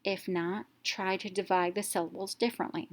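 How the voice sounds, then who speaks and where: A woman teacher narrating a reading lesson, explaining step by step and sounding out letters clearly. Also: mid-range voice, fairly even intonation, normal speed.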